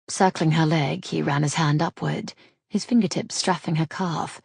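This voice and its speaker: A woman narrating a romance audiobook in an intimate, husky reading. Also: sits low, steady tone, moderate pace, dry recording, studio quality.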